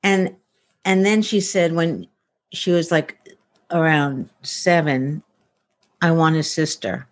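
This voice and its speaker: A woman's voice: low-pitched, steady tone, slow pace, long pauses, no echo. A woman, a futurist, chatting in an interview, telling personal stories with many fillers and acting out the dialogue. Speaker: guest, futurist. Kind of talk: casual storytelling interview.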